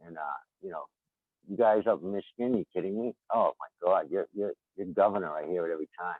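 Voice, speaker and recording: A man's voice: low voice, fast talker, no room sound. A man with a Boston accent, chatting as a podcast guest in a rambling, chuckling way. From Boston area, USA. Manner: rambling, chuckling, repeats himself. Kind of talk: casual chat. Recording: tinny phone-like call line.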